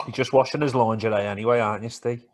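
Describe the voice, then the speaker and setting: A man co-hosting a podcast, chatting in a sweary, animated, teasing way. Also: medium pitch, fast talker. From England. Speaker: podcast co-host. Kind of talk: casual banter about football and MMA.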